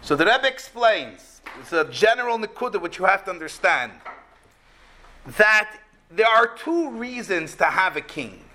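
A man with a very high, bright voice teaching a Torah class. He explains the verse with energy and acts out the speakers in it. His tone is lively and expressive. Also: a little slow, a little hiss or hum. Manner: animated, acts out quotes.

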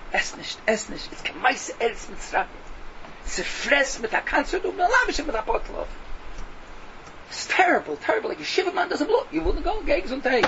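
Animated rabbi. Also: male voice, high-pitched. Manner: animated, scolding, mixes Yiddish and Hebrew phrases. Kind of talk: Torah lecture. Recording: dull lo-fi recording with faint noise.

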